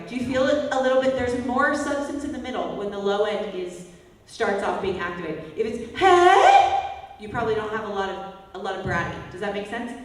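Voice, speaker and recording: A woman vocal coach teaching a singing workshop, breaking into loud whiny and bratty exercise calls to demonstrate. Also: fairly high pitch. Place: large echoey hall, workshop. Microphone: distant from the mic. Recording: echoey hall, voice from far off, faint music.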